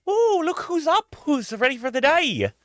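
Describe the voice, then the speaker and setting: A man voicing a chirpy, judgy early-rising woman at an inn in a tabletop game, in a sing-song, falsely sweet voice pitched well above his own. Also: big pitch swings, normal speed, fairly bright tone, dry recording, clean studio sound, heavily acted.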